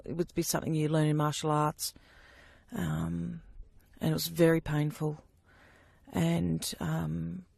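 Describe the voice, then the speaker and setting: A woman recounting personal testimony in a halting way, with frequent fillers and restarts. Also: low voice, vocal fry, darkish tone, no room sound, studio quality. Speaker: abuse survivor giving testimony.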